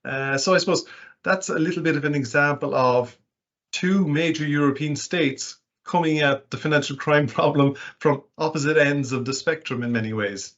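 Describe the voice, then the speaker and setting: A man's voice: on the high side, normal speed, fairly bright tone. A man speaking as a guest expert in a webcast, explaining at length with many fillers and restarts. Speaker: guest speaker, financial crime publisher. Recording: dull, muffled webcast audio.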